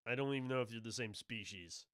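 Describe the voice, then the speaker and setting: A man's voice: medium pitch, fast, fairly bright tone, clean tone, no room sound, clean studio sound, natural voice. A man voicing a panicky, mutated male ganger in a tabletop game, speaking bluntly. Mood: agitated.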